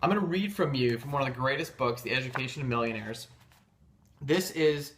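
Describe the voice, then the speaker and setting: This man's mid-range voice is fairly quick and a touch bright, with slight background noise behind it. He delivers sales-coaching motivation with emphatic insistence on conviction, stumbling through fillers and restarts as he goes.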